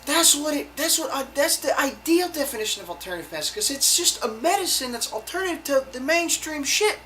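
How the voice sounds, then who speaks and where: Woman going off on a sweary rant to her viewers, bright voice, keeps restarting her sentences. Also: sits high, expressive, a little hiss or hum, rough recording. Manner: heated, swearing, halting with many restarts. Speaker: video blogger. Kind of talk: angry profane rant to camera.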